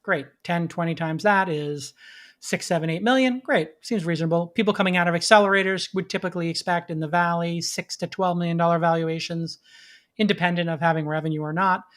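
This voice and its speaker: A middle-aged man hosting a live podcast, giving energetic advice to startup founders with quick acted-out asides. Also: fairly high pitch. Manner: energetic, plays an auctioneer in quick bursts. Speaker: podcast host.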